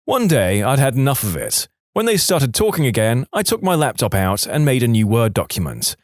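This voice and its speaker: A man's voice: mid-range voice, very animated, moderate pace, no echo. A man narrating online stories aloud with a dry, wry delivery on a close microphone. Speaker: story narrator.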